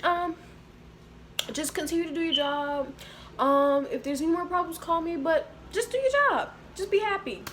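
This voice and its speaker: Woman doing a light, soothing female supervisor, high voice, brushing it off. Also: animated, normal speed, a bit bright, slight background noise.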